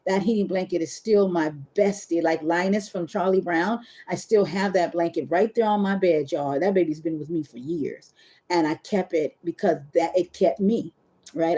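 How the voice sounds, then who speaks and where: Talking to her viewers over a phone or webcam livestream, a webcam model rambles openly in a confessional, casual tone. Her mellow voice leans low, and at moments she seems close to crying.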